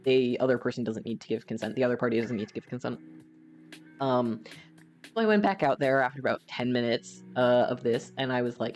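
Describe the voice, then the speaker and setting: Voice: mid-range voice, a little fast, faint music behind. Chatty young gaming streamer telling a story. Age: young adult. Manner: chatty, rambling, with frequent fillers. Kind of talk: storytelling while playing a game.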